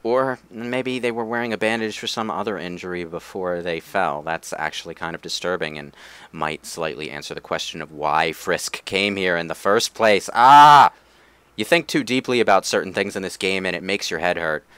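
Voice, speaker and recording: A man hosting a let's play, making quick wry asides and dry jokes as he plays. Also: sits low, a bit bright, smooth. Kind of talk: casual gameplay commentary.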